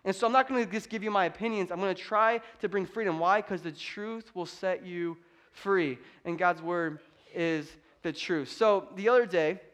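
A man in his thirties preaching a conversational sermon with humor, building to loud, emphatic peaks. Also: high voice, moderate pace. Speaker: pastor.

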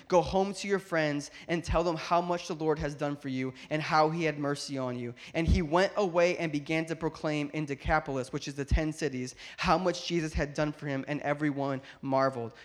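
A man preaching a sermon, building to loud emphatic peaks and acting out Bible dialogue. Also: on the high side, normal speed, hardly any pauses. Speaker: pastor.

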